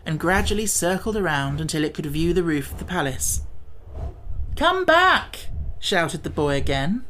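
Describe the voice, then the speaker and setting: A man reading a classic children's fantasy novel aloud as an audiobook narrator, in a measured, expressive storytelling manner. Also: fairly high pitch, slight background noise.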